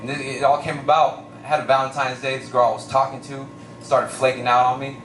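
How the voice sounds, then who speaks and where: A man's voice: mid-range voice, fairly quick, reverberant, far from the mic, slight background noise. A young man doing a stand-up comedy set, telling stories animatedly and slipping into voices. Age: young adult. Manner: animated storytelling with lots of voices and shouts.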